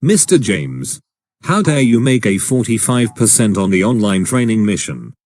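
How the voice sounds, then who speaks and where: A man's voice: fairly low pitch, sing-song, moderate pace, a little mellow. A man voicing an angry, insulting boss in a cartoon, scolding in a harsh, synthetic-sounding way. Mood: furious. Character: furious, insulting male boss. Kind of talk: animated cartoon dialogue.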